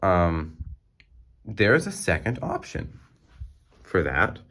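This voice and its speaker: A man's voice: low-pitched, wildly swooping pitch, slow pace, background noise. A young man, a music student, giving a class presentation on a song, hesitant and full of ums and restarts, recorded on a phone. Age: young adult.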